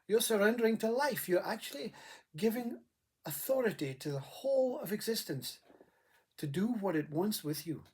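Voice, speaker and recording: Husky man giving a halting spiritual talk. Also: high-pitched, expressive, a little mellow. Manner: halting, reflective, repeats words. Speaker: spiritual speaker. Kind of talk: spiritual monologue.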